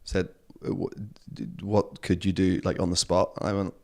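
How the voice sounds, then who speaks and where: A man's voice: sits low, little pitch movement, normal speed, creaky, mellow. A man in his forties with a Northern Irish accent, a guest telling rambling, self-deprecating stories in a casual interview. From Northern Ireland.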